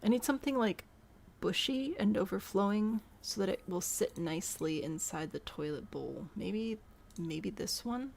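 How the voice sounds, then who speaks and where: A woman's voice: medium pitch, lively intonation, normal speed, gravelly, darkish tone, slight background noise. A woman live-streaming a building game, chatty and self-amused as she talks to her chat while she builds. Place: home room.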